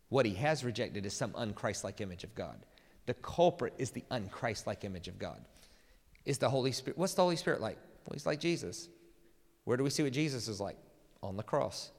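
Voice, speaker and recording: Animated male preacher in an echoing hall. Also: medium pitch. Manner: animated, stumbles and repeats words. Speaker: pastor. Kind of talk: sermon. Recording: long hall reverb.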